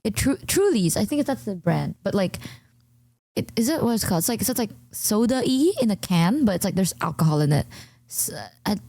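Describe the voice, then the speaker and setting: A young woman streamer, not a native English speaker, telling a rambling, animated story in casual chat with many fillers. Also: a little fast, no echo. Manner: rambling, animated, full of fillers, jumps high when telling stories.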